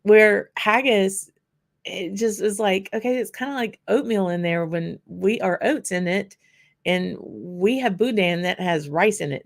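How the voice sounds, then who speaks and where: Gravelly woman. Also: mid-range voice, measured pace. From Louisiana. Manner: chatty, answers viewers by name while tasting. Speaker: whisky channel host. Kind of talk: casual livestream chat.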